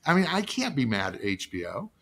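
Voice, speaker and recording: A man's voice: medium pitch, a little fast. A middle-aged man, a TV writer, telling stories in a casual podcast chat, laughing and acting out the quotes. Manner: animated, laughing storyteller who acts out quotes. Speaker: TV writer and producer, guest.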